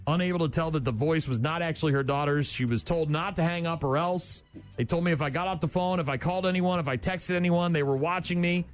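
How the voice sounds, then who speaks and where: A man's voice: a little high, quick pace, soft background music. Blunt, scornful male radio host. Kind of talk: morning radio banter, reading news.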